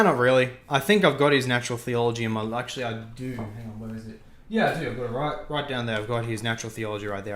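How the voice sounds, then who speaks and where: A man's voice: medium pitch, a bit bright. A young man hosting a livestream who chats casually while gaming, thinking aloud, repeating himself and reacting to the game and chat. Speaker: livestream host.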